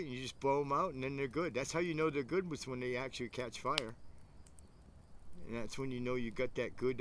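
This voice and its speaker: A man's voice: mid-range voice, a bit bright, slight background noise. A man hosting a casual fireside livestream outdoors, rambling enthusiastically and talking to viewers in the chat. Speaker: livestream host. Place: outdoors by a campfire.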